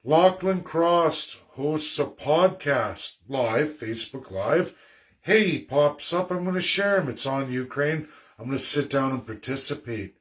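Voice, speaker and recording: A man's voice: fairly high pitch, lively intonation, measured pace. A man giving an emphatic political rant to camera, often repeating his phrases. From Canada. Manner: emphatic and repetitive, doubling phrases.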